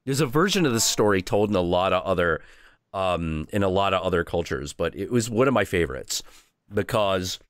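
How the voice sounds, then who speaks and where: A man hosting a stream, retelling stories in an animated, casual, profane way. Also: on the low side, fairly quick, dry recording. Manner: animated, profane, with frequent restarts. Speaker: host. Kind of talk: casual storytelling chat on a stream.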